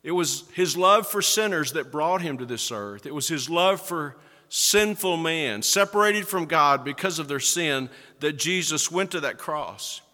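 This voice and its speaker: A male pastor preaching a sermon, slowing down and building up to stress key words. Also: on the high side, expressive, pushed and bright. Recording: echoey hall with long reverb.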